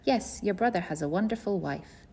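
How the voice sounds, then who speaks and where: A woman's voice: medium pitch, lively intonation, normal speed, warm tone, husky, pitched above the performer's own voice. A woman voicing an elderly, pious grandmother who talks in a firm, matter-of-fact way in an audiobook reading. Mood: insistent. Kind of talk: audiobook character voice.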